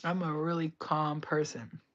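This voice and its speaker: A woman's voice: low-pitched, level tone, unhurried. New woman streamer, chatty, profane, giggly; dull lo-fi mic. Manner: laughing often, swearing, rambling. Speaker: livestreamer. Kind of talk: casual live stream chat.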